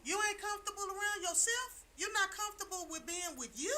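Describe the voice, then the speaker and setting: Emphatic middle-aged woman, bright voice. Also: extremely high pitch, expressive, brisk, a little hiss or hum. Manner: emphatic and repetitive, preaching-style storytelling. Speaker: talk show panelist. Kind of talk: casual chat.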